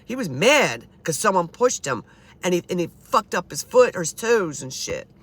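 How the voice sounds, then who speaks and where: A woman's voice: lowish voice, sing-song, normal speed, a bit bright, slightly rough. A woman telling personal ghost stories in a blunt, chatty way, swearing freely. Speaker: storyteller. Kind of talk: casual storytelling.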